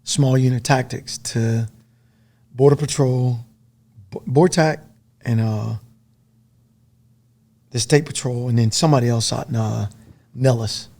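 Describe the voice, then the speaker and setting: A middle-aged man and former soldier, a podcast guest telling stories in a casual, profane, animated way. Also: medium pitch, measured pace, gravelly, pauses often. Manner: profane, animated storytelling full of dude and man.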